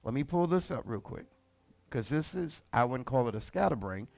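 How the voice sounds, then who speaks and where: Man, lead pastor, sermon, colloquial, gravelly voice, lively pitch. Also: normal speed. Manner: animated, colloquial, acts out characters.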